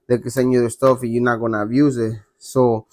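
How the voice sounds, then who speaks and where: A man's voice: mid-range voice, level tone, brisk, a little mellow, no echo. A man telling a story in blunt, profane street slang, in a casual manner.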